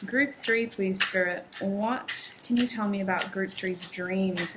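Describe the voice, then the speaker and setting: A woman's voice: medium pitch, slow pace, very noisy. A woman whose first language is not English, giving a chatty, encouraging tarot reading with frequent ums and restarts. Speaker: tarot reader.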